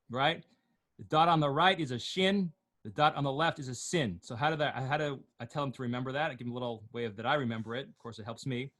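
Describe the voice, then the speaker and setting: A man teaching an online class, slowly chanting Torah words and notes, then explaining them in quick, joking asides. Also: mid-range voice, a bit bright. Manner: jokey, asks questions of the class.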